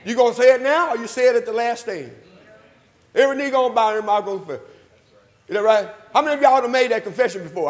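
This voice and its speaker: A man preaching a sermon, calling for responses, repeating his phrases and rising to loud emphatic peaks. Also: very high-pitched, very fast, big-room sound. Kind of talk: sermon with invitation call. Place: church hall.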